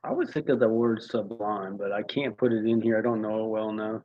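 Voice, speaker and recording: A man thinking aloud while he writes and rehearses rap lines, chanting them over and over and then musing quietly to himself. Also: fairly low pitch, fairly even intonation, fairly quick, highs cut off. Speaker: amateur rapper writing lyrics.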